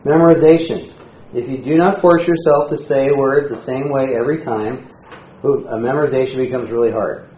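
A man teaching a Greek class in a relaxed, joking lecture style. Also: medium pitch, slight background noise. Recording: echoey room, dull lo-fi sound.

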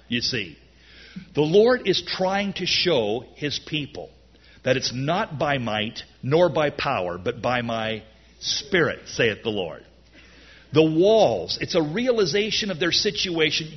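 A man preaching a sermon in an animated way, his voice rising loud on key lines. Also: mid-range voice, a little slow, husky, muffled recording. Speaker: pastor.

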